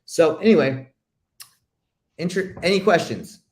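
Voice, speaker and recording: A man's voice: fairly high pitch, animated, a little slow. Blunt, emphatic man coaching on a call. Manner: blunt, emphatic, calls listeners bro. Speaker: real estate investing coach hosting a call. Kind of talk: casual coaching chat.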